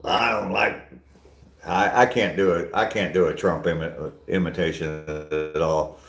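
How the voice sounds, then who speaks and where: An older man rambles chattily through a casual walking live stream, poking fun at himself as he answers viewers. His voice is on the low side, and it carries an echoey, roomy ring. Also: fairly even intonation, measured pace, gravelly. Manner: rambling, chatty, self-deprecating. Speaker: vlogger reading live chat.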